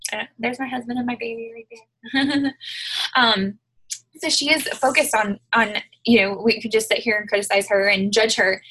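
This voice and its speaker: A woman's voice: mid-range voice, vocal fry, pushed and bright, husky, low-quality recording. A woman giving a casual devotional talk over a video call from her living room, chatty and full of fillers and tag questions. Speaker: devotional speaker.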